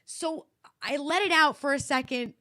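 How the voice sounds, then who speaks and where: A mother co-hosting a podcast in casual chat, telling stories with animation, acting out what she said loudly and swearing freely. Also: high voice, normal speed, no room sound, clean studio sound. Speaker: podcast co-host. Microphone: podcast mic.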